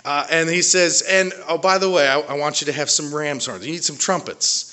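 Bright-voiced man preaching a lively sermon. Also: a little high. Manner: animated storytelling with halting restarts and asides. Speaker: pastor.

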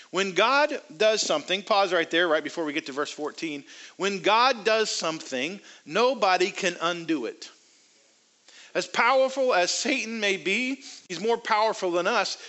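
A man preaching a sermon, reading scripture aloud slowly and emphatically between plain explanations. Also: sits high, sharp tone. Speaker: pastor.

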